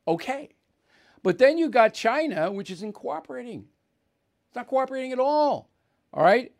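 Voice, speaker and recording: Hosting a political talk show, a man delivers an opinionated monologue that's conversational and emphatic, checking in with the audience by asking "right?" and "okay?" often. His voice is high-pitched with a darkish tone.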